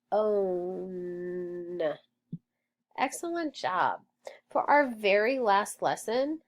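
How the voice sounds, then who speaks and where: Female teacher, phonics drills for kids, unhurried and patient, mid-pitched, encouraging. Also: darkish tone, a little hiss or hum. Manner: patient, encouraging, sounds out words and letters. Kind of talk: slow, deliberate phonics lesson for children.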